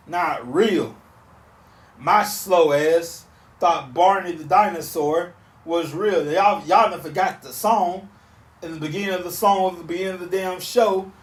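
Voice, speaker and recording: A man in his thirties hosting a podcast, ranting casually in an animated, repetitive, emphatic way on a back porch outdoors. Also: high voice. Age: 30s. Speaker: podcast host. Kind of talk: casual solo rant. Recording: roomy sound from off mic.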